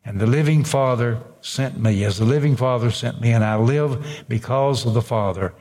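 A man's voice: mid-range voice, moderate pace, a little mellow. Preacher man in a reverberant hall. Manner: reads scripture aloud, breaks in with emphatic asides. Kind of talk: sermon reading scripture with commentary.

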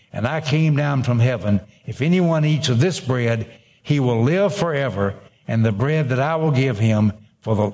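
A man's voice: medium pitch, darkish tone. A man preaching a sermon, reading scripture aloud and breaking in with emphatic asides. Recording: long hall reverb.

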